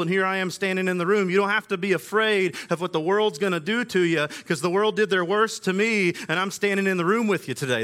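A man's voice: sits high, fairly bright tone. A man preaching a sermon in a casual, conversational way, with everyday slang. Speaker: pastor.

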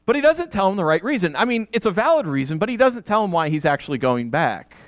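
Middle-aged male pastor, sermon, conversational and animated, slightly high voice, dry close sound. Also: fast, no room sound. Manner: conversational preaching with asides and laughter.

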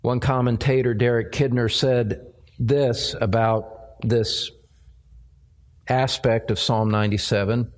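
A man preaching an expository sermon, speaking deliberately and repeating words as he finds his phrasing. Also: medium pitch, steady tone. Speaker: pastor.

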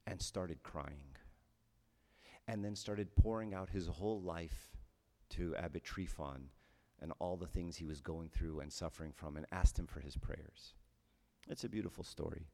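A man's voice: sits low, unhurried, vocal fry, dark tone, big-room sound. A man giving a conversational homily as a priest, often checking in with his listeners with "right?".

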